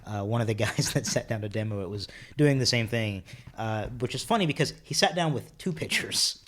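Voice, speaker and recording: A man's voice: lowish voice, animated, fairly quick, fairly bright tone. A man who is a guest on a gaming podcast, talking loosely and telling anecdotes in casual chat.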